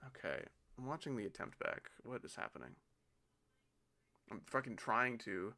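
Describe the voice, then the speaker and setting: A man's voice: mid-range voice, sing-song, normal speed, creaky, bright, forceful tone, a little hiss or hum. Exasperated young man ranting over a game. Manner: exasperated, swearing, incredulous questions. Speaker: gaming streamer. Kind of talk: frustrated live gameplay commentary.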